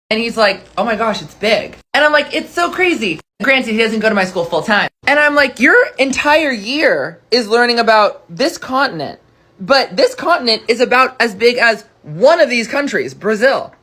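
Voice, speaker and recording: A woman's voice: fairly high pitch, normal speed. A woman, a teacher, earnestly retelling a classroom exchange and reflecting on it in casual commentary. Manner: earnest, quotes herself and the student in lively asides. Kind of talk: reaction commentary with retold classroom story.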